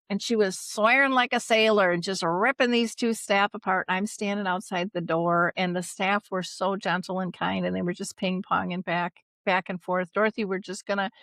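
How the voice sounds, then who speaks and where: A woman's voice: lowish voice, fairly bright tone, dry recording. A middle-aged woman, a dementia care advocate, earnestly recounting a personal family story with emotion and a few restarts.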